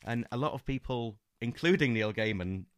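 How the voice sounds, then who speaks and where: A man's voice: mid-range voice, lively intonation, moderate pace, a bit bright, clear, resonant tone, dry recording. A man co-hosting a podcast, chatting casually and enthusiastically about books, with lots of fillers and restarts. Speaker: podcast co-host. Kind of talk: casual book-club chat.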